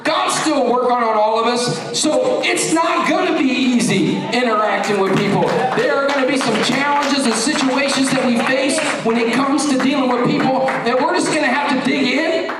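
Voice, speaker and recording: A man preaches with an animated, joking delivery. His voice sits very high for a man. The recording is distant and soaked in the echo of a large church. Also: moderate pace, music in the background. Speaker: pastor. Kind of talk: sermon. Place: church sanctuary. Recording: echoey church recorded from afar.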